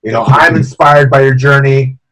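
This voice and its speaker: Husky-voiced man hosting an interview. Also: medium pitch, moderate pace, a bit bright, low-quality recording. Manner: friendly, calls guest brother, enthusiastic. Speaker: show host, interviewer. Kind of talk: casual interview conversation.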